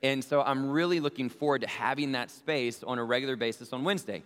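A man's voice: medium pitch, fast. A man who is a pastor, praying and then giving church announcements in an earnest manner with frequent "uh" fillers. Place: church sanctuary. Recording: reverberant church hall with soft music.

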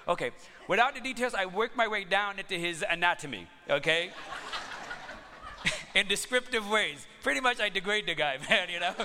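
A man preaching a sermon, telling stories in an animated way and laughing often. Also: high-pitched, normal speed, long reverb tail, a little hiss or hum. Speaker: pastor.

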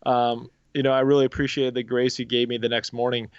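A relaxed man co-hosts a faith podcast and muses at length in an easy, reflective voice. The recording is dry and a little dull, with no room sound around him. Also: medium pitch, fast, smooth, no room sound. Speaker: podcast co-host. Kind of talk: casual faith podcast chat.

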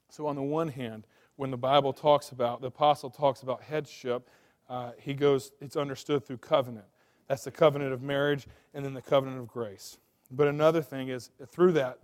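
A man in his thirties preaching a sermon as pastor, swinging between loud, urgent emphasis and quiet, confiding asides. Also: mid-range voice.

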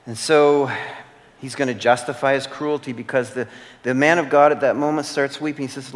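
A man preaching a sermon as a pastor. He speaks earnestly, repeats key phrases and holds long dramatic pauses. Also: mid-range voice, steady tone. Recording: long hall reverb.

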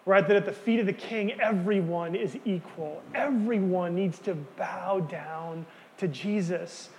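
A man preaching a sermon, earnest and emphatic, dropping to quiet words for key lines. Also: sits high, unhurried, in a large hall, a little hiss or hum. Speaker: pastor.

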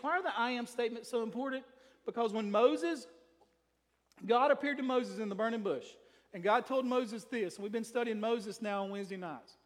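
High-voiced man preaching in a reverberant hall. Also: normal speed. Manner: emphatic preaching, reads scripture aloud. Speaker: pastor. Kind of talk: sermon. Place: church sanctuary. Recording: long reverb from a large hall.

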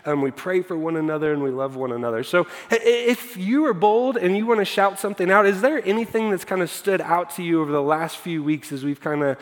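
A man's voice: high voice, a little fast, few pauses. A man preaching a sermon as pastor, conversational and self-deprecating, with frequent fillers. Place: church hall. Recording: long hall reverb.

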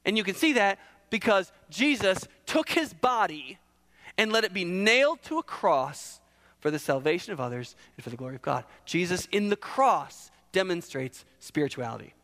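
A man's voice: high voice, big pitch swings, moderate pace, a bit bright, big-room sound. A man preaching a sermon, emphatic, asking and answering his own questions.

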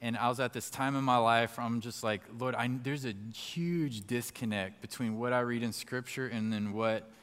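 Guy telling his faith story, animated, mid pitch, long echo like a big hall. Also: normal speed, few pauses, clean tone. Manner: animated storyteller who acts out his own inner thoughts. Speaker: speaker sharing a personal testimony. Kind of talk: storytelling testimony.

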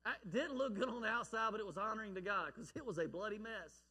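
Emphatic high-voiced male preacher. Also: fast, slightly rough, big-room sound. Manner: emphatic, swings between quiet and loud. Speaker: pastor. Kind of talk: sermon.

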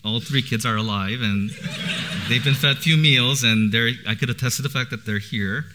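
A man's voice: mid-range voice, normal speed, background noise. A man in his thirties preaching in church, casual and chatty, with a lot of laughter. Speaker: pastor. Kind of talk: sermon with personal stories.

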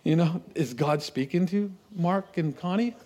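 Middle-aged guy preaching, slightly high voice, tells stories, laughs a bit, restarts words. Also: unhurried. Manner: storytelling, animated, with laughs and repeated words. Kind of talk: sermon.

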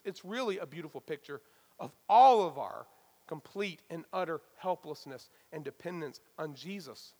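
A man preaching a sermon as a pastor, talking in a casual, lively way with touches of self-deprecating humor. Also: high-pitched, long reverb tail.

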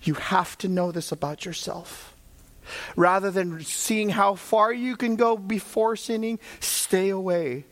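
A man with a notably high voice delivers a sermon. He moves between calm, measured Bible teaching and fervent, raised-voice exhortation, and he speaks directly to the congregation as brothers and sisters. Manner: swings from calm teaching to fervent shouted preaching. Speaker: preacher.

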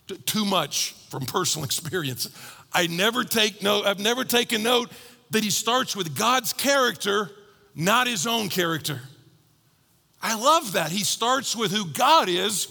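A man preaching a sermon, telling a story with lively quoted voices and shifting from bold to hushed. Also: on the high side, gravelly, in a large hall. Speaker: pastor.

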